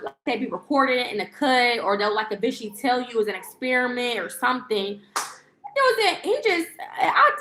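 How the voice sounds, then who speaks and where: Ranting through a rambling story for her viewers, this lifestyle vlogger and livestreamer swears freely and keeps tripping on fillers and restarts. Her fairly high voice has a sharp tone, and it echoes around the room.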